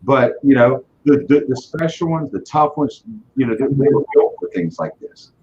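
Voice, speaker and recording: A man's voice: mid-range voice, moderate pace, a little mellow, a little hiss or hum. Earnest man, dull lo-fi sound. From Virginia, US. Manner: earnest, repeats words when starting thoughts. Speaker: car dealership leader, guest. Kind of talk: casual interview talk. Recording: dull lo-fi audio.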